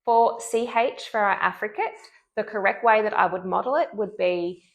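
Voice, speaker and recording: A woman speech pathologist giving an instructional lesson, clearly and deliberately modeling speech sounds. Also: mid-range voice.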